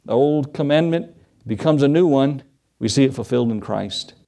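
A middle-aged male pastor preaching a sermon, swinging his pitch and pace as he acts out Bible scenes. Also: normal speed, dark tone.

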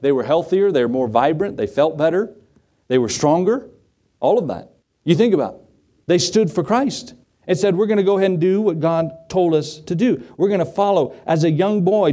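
A middle-aged male pastor preaching a sermon in a voice pitched a little high but mellow and dark in tone. He asks the congregation questions and briefly acts out the voices of the people in his stories. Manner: dramatic voices for quoted figures, rhetorical questions to the congregation.

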